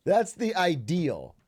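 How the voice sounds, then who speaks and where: Male streamer, casual chat, high lively voice, joking, reads chat aloud. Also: husky.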